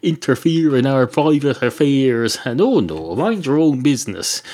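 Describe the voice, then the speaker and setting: A prickly, stubborn talking cat from a told pub joke, voiced by an Irish man. He speaks a little lower and quieter than a plain narrating voice, indignant and sure of himself. The Irish accent stays in. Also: big pitch swings, unhurried. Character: touchy, cheeky talking cat ordering a pint in a pub.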